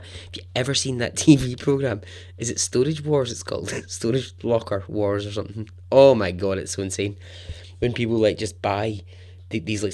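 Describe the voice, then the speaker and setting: A man hosting a storytelling podcast, narrating in a chatty, animated way with asides. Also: lowish voice. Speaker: podcast host.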